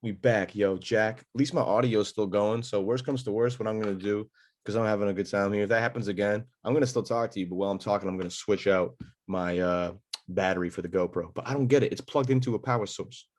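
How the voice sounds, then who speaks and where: A man's voice: lowish voice, fast talker, a little mellow. A young man hosting a podcast, chatting in a laid-back, slangy, joking way. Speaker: podcast host. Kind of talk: casual chat.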